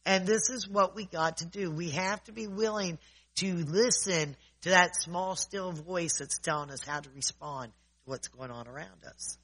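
A man's voice: high-pitched, moderate pace, bright, forceful tone, husky, low-quality recording. A man preaching informally in a conversational way, often checking in with his listeners.

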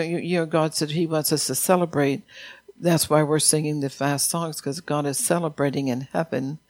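A man's voice: a little high, no echo. Earnest male pastor preaching, dry close sound. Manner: earnest, emphatic preaching, louder when quoting God. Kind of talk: sermon reading prophetic words and scripture. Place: church.

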